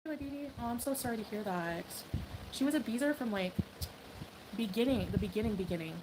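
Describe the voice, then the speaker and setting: A woman's voice: on the high side, expressive, fast, background noise. A woman chatting casually with her stream viewers, greeting them by name. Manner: chatty, reads out viewer names. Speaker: livestreamer.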